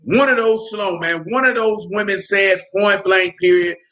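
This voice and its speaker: A man with a high, bright voice holds forth on his podcast. He speaks bluntly and heatedly, swears freely and keeps checking that his listeners follow him. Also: normal speed. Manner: blunt, heated, profane, keeps asking "you know what I'm saying". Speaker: podcast host. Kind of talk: casual spoken commentary.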